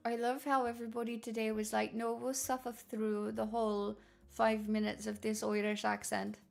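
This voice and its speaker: A woman's voice: fairly high pitch, level tone, moderate pace, gravelly. A woman livestreamer chatting casually with her viewers in a rambling, self-mocking way, full of fillers. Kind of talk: casual chat with stream viewers.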